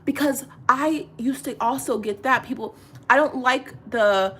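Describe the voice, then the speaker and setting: A woman in her thirties chatting casually on camera, retelling a story in an animated, exasperated way, quoting what people said. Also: high voice, unhurried, breathy edge. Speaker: vlogger.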